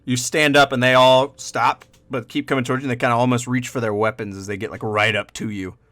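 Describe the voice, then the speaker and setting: A man's voice: medium pitch, level tone, fast, fairly bright tone, dry recording. Brief: male game master, casual narration, dry close sound.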